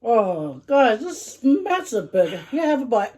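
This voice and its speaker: A woman's voice: on the high side, sing-song, measured pace, darkish tone. A middle-aged woman, chatting casually while eating and humming over her food. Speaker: vlogger eating with her daughter. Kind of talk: casual mukbang chat.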